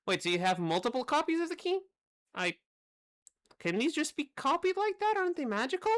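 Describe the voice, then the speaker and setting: A woman's voice: a little high, sing-song, fairly quick, a bit bright. A young woman streaming a game live, reacting with wry, sarcastic asides. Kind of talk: live gameplay commentary.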